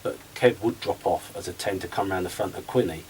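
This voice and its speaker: Ex-footballer telling animated stories. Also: male voice, low-pitched, brisk, recorded from a distance, a little hiss or hum, low-quality recording. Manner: animated storyteller, acts out conversations. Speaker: guest, former footballer. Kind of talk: radio interview chat.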